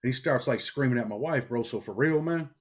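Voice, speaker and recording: A middle-aged man talks quickly in blunt, streetwise phrases. He keeps dropping "man" and "bro" as he tells his stories. His voice sits in a middle pitch. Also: slightly rough. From New York. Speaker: interview guest, former prisoner. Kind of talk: casual interview storytelling.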